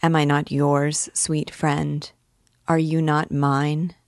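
A woman reading aloud, voicing an earnest, talkative young male poet who pleads gallantly, in a low, dry voice. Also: level tone, slow pace, no echo. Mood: ardent.

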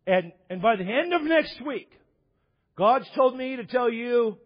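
Guy putting on a loud fake-crying tv preacher, high and pleading, husky, dull echoey hall. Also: animated, exaggerated voice. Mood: dramatic pleading. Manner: dramatic, halting, drawn-out pleading. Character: fake-weeping flashy male TV preacher, theatrical, pleading.

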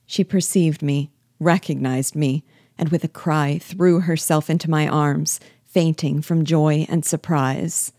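A woman with a low, mellow voice reads a classic novel aloud in a measured, steady way. The sound is close and dry, with no room around it. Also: dry recording. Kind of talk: scripted narration of a novel.

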